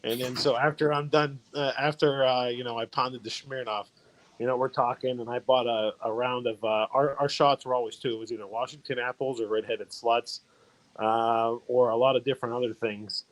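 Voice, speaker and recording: A man's voice: medium pitch, little pitch movement, moderate pace, low-quality recording. A man on a video call telling a long, rambling story from his college years, full of fillers and restarts. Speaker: fraternity brother sharing memories. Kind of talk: casual storytelling.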